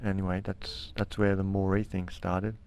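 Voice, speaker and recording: A man's voice: sits low, moderate pace. A young man with an Australian accent telling his story casually in an interview, rambling with many restarts. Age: young adult. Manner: rambling, many restarts, lively when quoting others. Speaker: interview guest.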